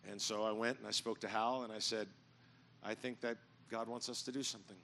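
A middle-aged man pastor telling stories in a sermon, animated and jokey, now and then breaking into loud mock yelling. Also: mid-range voice, quick pace, a little hiss or hum. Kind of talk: storytelling sermon. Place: church auditorium with audience.

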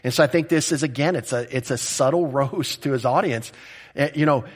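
A man's voice: medium pitch, a little fast. A man preaching an expository sermon as a pastor, talking in a conversational and direct way and often checking in with the listeners.

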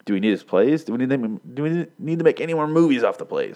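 A man giving a mock-serious, faux-scholarly breakdown of song lyrics in a deadpan comedic style. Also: mid-range voice, quick pace, few pauses. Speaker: comedic commentator.

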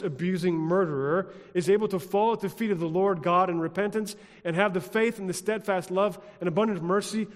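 A pastor delivering a sermon in a rhythmic, repetitive style, dropping at times to a hush. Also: male voice, fairly high pitch, in a large hall. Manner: rhythmic, repetitive preaching with dramatic drops to a hush.

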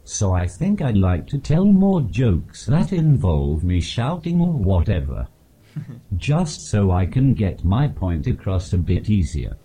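A man speaking through a text-to-speech device with a monotone, posh English voice, delivering dry punchlines in an interview. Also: lowish voice, slow pace, husky. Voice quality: monotone synthetic voice. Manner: flat, no emphasis, dry punchlines. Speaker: comedian guest. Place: live stage at a comedy festival.

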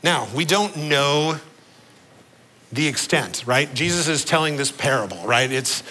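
Pastor, male, bright ringing voice, earnest sermon delivery that sinks low and slow for emphasis. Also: lively intonation, rough recording. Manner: earnest, slows and drops low on key words.

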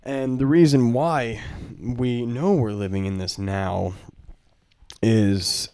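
A man's voice: mid-range voice, takes it slowly, dark tone, clean tone, no room sound, studio quality. A young man co-hosting a casual podcast, talking in a laid-back, rambling way with fillers. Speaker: podcast co-host.

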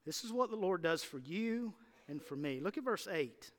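A man preaching a sermon to his church, impassioned and building to loud emphatic lists. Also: sits high, animated, normal speed. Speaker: pastor. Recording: church hall reverb.

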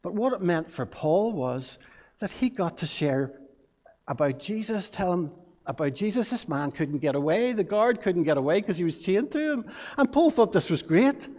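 A man's voice: sits high, animated, moderate pace, darkish tone. A man, a pastor giving a children's talk in church, playful and coaxing, asking the children many questions. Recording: long reverb of a large hall.

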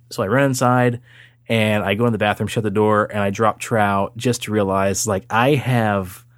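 A man in his thirties, co-hosting a podcast, telling a crude story in a lively, laughing way. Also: lowish voice, no echo, studio quality. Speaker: podcast host. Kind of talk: casual storytelling chat.

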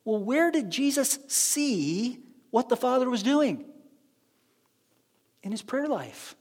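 A man preaching a sermon as pastor, animated, with frequent restarts and asides to the congregation. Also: very high voice, slow pace, in a large hall.

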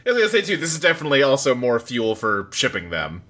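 A man discussing an episode with a co-host, chiming in with short agreements and quick asides. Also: medium pitch, wildly swooping pitch, sharp tone. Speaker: podcast co-host.

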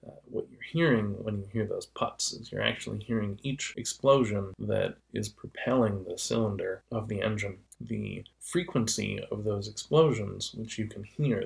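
Man, low voice, gravelly fry, patient casual explainer. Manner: patient, illustrates with vocal demonstrations. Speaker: explainer of voice and sound.

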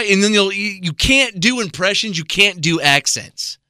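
An American man co-hosting a podcast, teasing his friend in a mock-exasperated, animated way. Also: sits high, normal speed, no room sound, studio quality. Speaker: podcast co-host. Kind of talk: casual podcast banter.

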